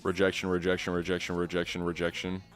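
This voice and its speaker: A man's voice: sits low, completely flat delivery, fast, faint music behind. A young man commentating his live trades casually, swearing often and calling the audience bro. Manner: swearing, says bro constantly, swings from bragging to exasperated. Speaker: streamer trading futures live.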